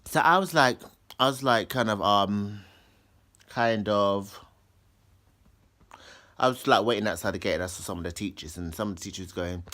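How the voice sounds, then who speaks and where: Speaking on the low side at a moderate pace, with long pauses and a sharp tone, a man spins a meandering story in casual talk. He restarts often and voices other people's lines loudly, acting them out.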